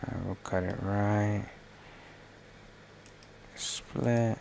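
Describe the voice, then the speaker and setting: A man's voice: lowish voice, fairly even intonation, extremely slow, creaky, darkish tone, a little hiss or hum. A middle-aged man streaming live, talking himself through each design step and teasing his child between tasks. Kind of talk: casual livestream chat while working.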